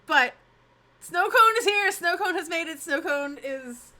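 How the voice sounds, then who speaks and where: A woman's voice: very high-pitched, animated, a little slow, sharp tone. A young woman chatting casually on her live stream, bubbly and self-mocking.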